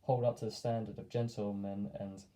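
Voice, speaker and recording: A man's voice: lowish voice, flat delivery, moderate pace, dark tone, rough recording. A man telling a casual story to camera, rambling with lots of fillers and friendly asides. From England. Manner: rambling, many fillers and hedges, friendly sign-off. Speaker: vlogger.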